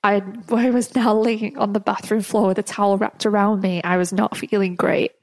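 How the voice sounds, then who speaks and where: Podcast lady chatting through a personal story, laughs a lot, mid pitch, dry close mic. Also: little pitch movement, normal speed, darkish tone, no room sound. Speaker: podcast host.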